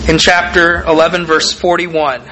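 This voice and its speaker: A man preaching a sermon, reading scripture aloud and explaining it in a measured, deliberate way with emphatic pauses. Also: fairly high pitch, flat delivery, background noise.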